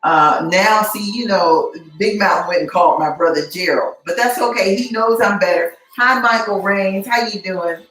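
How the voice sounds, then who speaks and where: A woman's voice: medium pitch, normal speed, few pauses, fairly bright tone. A middle-aged woman hosting a casual live cooking stream from her home kitchen, teasing and chatting with viewers by name. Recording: echoey kitchen.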